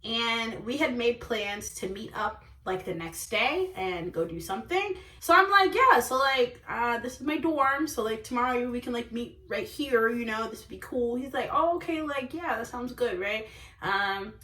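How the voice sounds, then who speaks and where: Young woman vlogger, bright high voice, lively storyteller, echoey room, a little off mic. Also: normal speed, far from the mic. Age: young adult. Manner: animated, laughs often, says okay and like a lot. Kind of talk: storytime vlog.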